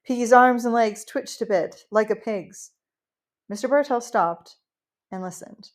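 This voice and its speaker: Expressive woman narrating an audiobook. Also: mid-range voice, unhurried. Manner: emotional, expressive, heartfelt. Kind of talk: first-person novel narration.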